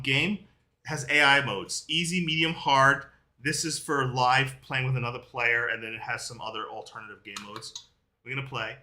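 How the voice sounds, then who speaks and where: A man demonstrating a board game, explaining the rules as he plays and swinging between loud and quiet. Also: medium pitch, slight background noise. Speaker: product demonstrator. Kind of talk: product demo.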